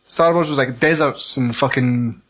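A man's voice: medium pitch, normal speed, breathy edge. A Scottish man in casual, sweary film chat, ranting and laughing. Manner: sweary, laughing, animated rants.

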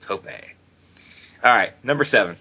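A man's voice: mid-range voice, animated, normal speed, bright, forceful tone, a little hiss or hum. A man co-hosting a casual wrestling podcast, sarcastic and joking, laughing often. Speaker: podcast co-host. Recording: dull lo-fi podcast audio.

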